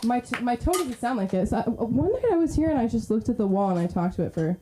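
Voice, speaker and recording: A woman's voice: fairly high pitch, lively intonation, fast talker, dark tone. A woman hosting an open mic comedy night, rambling and giggly, trailing off into her own asides. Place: small comedy club stage. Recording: noisy live club recording.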